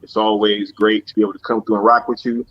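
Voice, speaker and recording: A man's voice: lowish voice, level tone, quick pace, no echo, muffled recording. A man who is a guest on a live stream, talking in a laid-back, slangy way. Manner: slangy, laid-back, says "you know what I'm saying". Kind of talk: casual live-stream chat.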